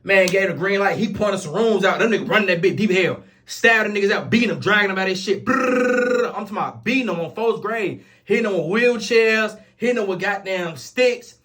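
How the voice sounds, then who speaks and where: A man with a Chicago accent tells a story in loose, casual street talk. He speaks very quickly in a slightly high voice. He keeps swearing oaths between his sentences. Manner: rapid, animated street slang with repeated oaths. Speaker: storyteller vlogger.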